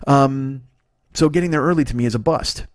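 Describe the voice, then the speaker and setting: A man in his forties talks through a rambling, profane comedy monologue into a podcast mic. He is sick, so his voice comes out a bit hoarse and he sniffles between thoughts. His pitch sits in an ordinary middle range, and the room sound is dry and close. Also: fairly quick, dry recording. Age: 40s. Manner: rambling, profane, self-mocking. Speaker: podcast host.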